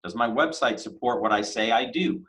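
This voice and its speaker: A man teaching a casual business lesson, talking conversationally with rhetorical questions and lively emphasis on key words. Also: mid-range voice, normal speed, rough recording. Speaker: business instructor.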